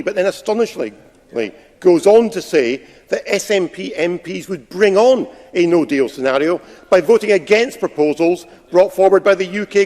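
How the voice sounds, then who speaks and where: Sarcastic opposition MP in a reverberant chamber. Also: male voice, sits high, darkish tone. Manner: sarcastic, pointed, adversarial. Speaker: opposition member of parliament. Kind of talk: formal parliamentary questioning. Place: large parliamentary debating chamber. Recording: long reverb of a debating chamber.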